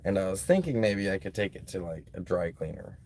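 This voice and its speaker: Animated and brisk, a man with a deep, darkish voice. The livestreaming vlogger is out on a beach, casually reading donations and rambling along laid-back, with many a "like" and "um."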